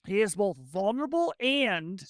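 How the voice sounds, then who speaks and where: A game master narrating a tabletop game in a rambling, quick way with many restarts, close to the mic. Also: medium pitch, very animated, no echo.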